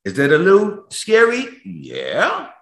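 A man preaching a sermon as pastor over a video call, emotional, swinging between shouted questions and low, quiet lines. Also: huge pitch swings, takes it slowly, creaky, reverberant.

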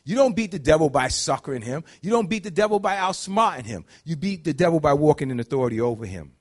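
A man preaching a conversational sermon, dropping to low murmurs and climbing to high shouts. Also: sing-song, fast talker. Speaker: pastor.

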